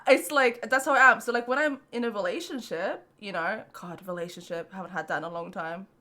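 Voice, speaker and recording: A woman's voice: mid-range voice, brisk, sharp tone. A young woman co-hosting a podcast, telling frank stories in casual chat with plenty of swearing and laughter. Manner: blunt, profane, laughing storyteller. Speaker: podcast co-host.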